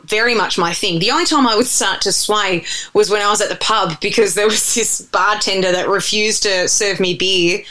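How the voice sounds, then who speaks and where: A woman's voice: medium pitch, pushed and bright, poor audio. An Australian radio presenter, a woman, chatting animatedly as a guest in an interview, telling stories at length. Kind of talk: casual interview chat.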